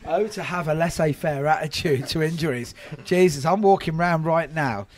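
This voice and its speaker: A man's voice: a little high, normal speed, slight background noise. A man hosting a podcast, brash and joking, swearing freely in casual interview chat. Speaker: podcast host.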